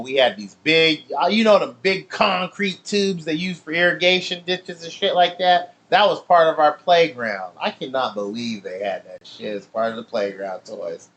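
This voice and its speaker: Profane man telling a story. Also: mid-range voice. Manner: profane, laughing, animated storytelling. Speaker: channel host. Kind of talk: casual storytelling.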